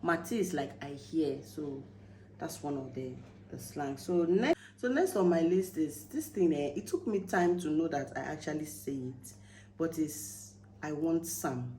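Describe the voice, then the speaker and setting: Nigerian woman, low voice, chatty vlog talk, roomy echo, faint hum. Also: a little slow. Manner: chatty, animated when quoting phrases. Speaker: vlogger. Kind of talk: casual explainer vlog.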